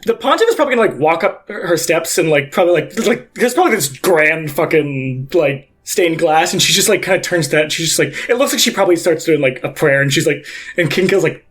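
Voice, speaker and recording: A man's voice: a little high, expressive, brisk, a bit bright. A young man narrating as game master, improvising in a rambling way full of fillers.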